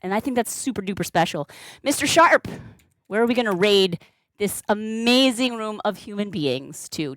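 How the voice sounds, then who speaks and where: A woman's voice: medium pitch, animated, moderate pace, fairly bright tone, no echo. A woman streaming live, chatting playfully and gushing thanks to her viewers. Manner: bubbly, gushing thanks to chat; playful, baby-talks her cat. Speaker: streamer and balloon artist. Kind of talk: casual live-stream chat.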